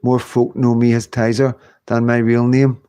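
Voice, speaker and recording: A man's voice: medium pitch, monotone, moderate pace, mellow, clear, resonant tone. Man, fifties, livestream host, rambling casual chat, laughs often, phone mic at home.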